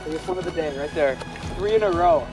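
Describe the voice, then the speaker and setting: A young man talking casually and excitedly while fishing from a boat on a lake, often exclaiming and swearing. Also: fairly high pitch, fast talker. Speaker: vlogger. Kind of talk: casual outdoor fishing vlog. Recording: loud music under the voice.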